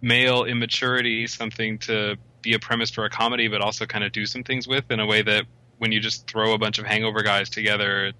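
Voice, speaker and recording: A man's voice: on the low side, little pitch movement, quick pace, bright, forceful tone, poor audio. A man co-hosting a casual film podcast, wry and enthusiastic, joking at his own expense. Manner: wry, enthusiastic, self-mocking. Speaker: podcast co-host.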